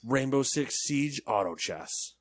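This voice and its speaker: Guy cohosting game news, super lively pitch, cracks jokes, dry studio sound. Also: dry recording. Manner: joking, animated, quick asides. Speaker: co-host reading gaming news. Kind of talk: casual news banter.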